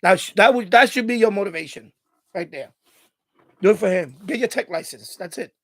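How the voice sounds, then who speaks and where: A middle-aged man with a high, fairly bright voice speaks a little fast, with no echo. Hosting a casual live stream from home, he talks emotionally, gets choked up, and rambles with many restarts.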